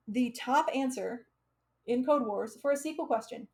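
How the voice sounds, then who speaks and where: A woman's voice: on the high side, normal speed. An American woman teaching coding on a live stream, chatty and laughing often, with frequent fillers. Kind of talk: casual live coding lesson.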